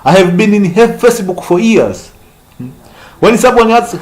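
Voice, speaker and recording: A man's voice: sits high, lively intonation, normal speed, rough recording. A man with an East African accent street preaching, laughing often, crude and repetitive as he scolds his listeners.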